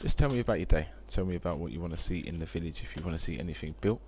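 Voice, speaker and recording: A man's voice: sits low, animated, very fast, a little mellow, a little hiss or hum. A man, chatting casually on a live game stream, rambling and reading out viewer comments.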